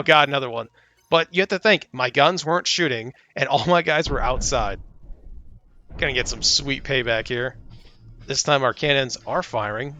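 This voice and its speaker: A young man giving casual gameplay commentary from home, excitable and exasperated, pleading at the screen. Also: on the high side. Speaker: gaming YouTuber.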